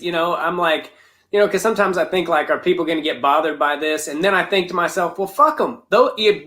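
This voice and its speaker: Male comic host with a high voice, loose rambling delivery, chuckling at his own stories. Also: fairly bright tone. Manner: rambling, frequent restarts, laughs at himself. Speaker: comedian and podcast host. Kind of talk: casual podcast chat.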